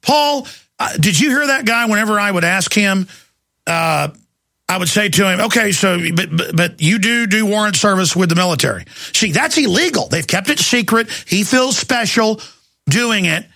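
Gravelly, intense talk radio host. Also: male voice, sits high, expressive, pushed and bright, no echo. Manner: intense, rapid, exclaiming, mocking quotes.

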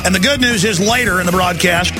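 A man's voice: sits high, quick pace, music in the background. A man hosting a talk radio show, ranting and mocking his targets with sarcasm. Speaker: radio host.

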